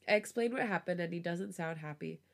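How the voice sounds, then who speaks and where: A woman reading a romance story aloud on a podcast, with a relaxed storytelling voice. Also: on the low side, brisk, creaky. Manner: laughs often, giggly reactions. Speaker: podcast host reading fan fiction aloud.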